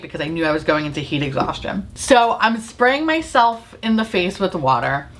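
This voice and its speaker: Casting: a young woman beauty vlogger, mid-pitch, swearing her way through a lively storytime. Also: moderate pace, few pauses. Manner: profane, animated storytelling. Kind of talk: get-ready-with-me storytime.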